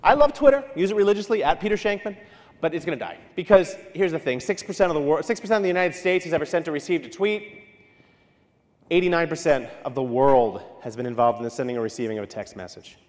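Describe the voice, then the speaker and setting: A man from New York giving a conference keynote talk, telling stories with quick asides and acting out what people said. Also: fairly high pitch. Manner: animated, storytelling with quick asides and acted-out quotes. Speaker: keynote speaker. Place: large hall. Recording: long hall reverb.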